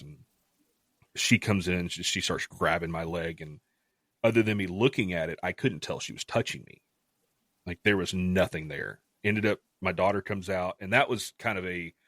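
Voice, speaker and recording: Casting: middle-aged man, deep voice, earnest storyteller, dry close sound. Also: fairly bright tone, no room sound. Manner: earnest, heartfelt, restarts often. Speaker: podcast guest. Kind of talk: casual storytelling.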